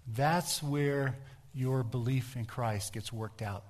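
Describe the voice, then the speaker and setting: A middle-aged man preaching a sermon in a mid-pitched voice. He talks in a relaxed, conversational way. He tells stories and asks his listeners direct questions. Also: slow pace. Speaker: pastor.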